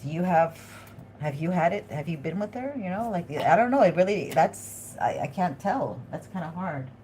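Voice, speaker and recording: A woman hosting a live tarot reading, thinking aloud in a chatty, excitable way and talking straight to her viewers. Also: on the low side, moderate pace, slight background noise. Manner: addresses viewers directly.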